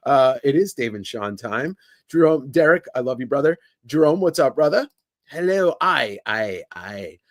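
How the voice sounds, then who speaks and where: A man's voice: medium pitch, moderate pace, dry recording, studio quality. A man hosting a live comic sale stream from an office, joking and greeting viewers by name. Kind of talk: casual livestream chat. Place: indoor office.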